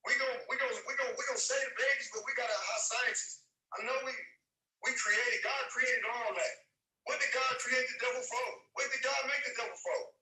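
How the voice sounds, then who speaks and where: A man's voice: extremely high pitch, steady tone, moderate pace, bright, forceful tone, echoey room, recorded from a distance, poor audio. A man hosting a live stream, preaching loosely and emphatically to listeners, using street slang and calling them man and brother.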